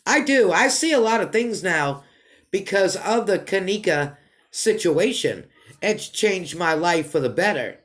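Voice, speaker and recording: A woman talking to her viewers in an emotional commentary monologue, emphatic and repetitive, swinging between quiet and loud stretches. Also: on the low side, sing-song, unhurried. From United States. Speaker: commentary vlogger.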